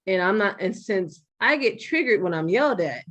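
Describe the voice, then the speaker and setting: A young adult woman hosting a podcast, talking frankly and with some profanity in an animated, storytelling way. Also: mid-range voice, moderate pace, muffled recording. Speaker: podcast host. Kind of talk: candid podcast conversation.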